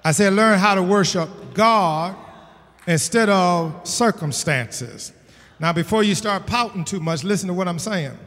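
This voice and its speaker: A man preaching a sermon as pastor of his church, emphatic and repeating his points, building to shouts. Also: high voice, unhurried, big-room sound. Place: church sanctuary.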